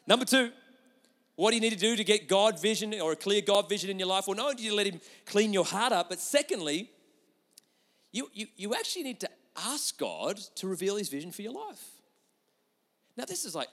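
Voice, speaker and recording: A man preaching a sermon with lots of energy, moving between loud emphatic lines and quiet, intimate asides. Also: sits high. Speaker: pastor. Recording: long hall reverb.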